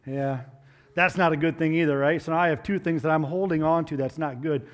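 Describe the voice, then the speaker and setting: A man giving a children's moment in church, asking the kids gentle questions and coaxing answers. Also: on the high side, fairly even intonation, fairly quick, big-room sound. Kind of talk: children's sermon with props.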